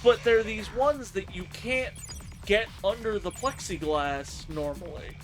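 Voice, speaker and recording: High-voiced man telling animated stories. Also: a little slow, soft background music. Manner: animated, acts out coworkers' lines. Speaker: game streamer. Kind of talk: casual storytelling on a live stream.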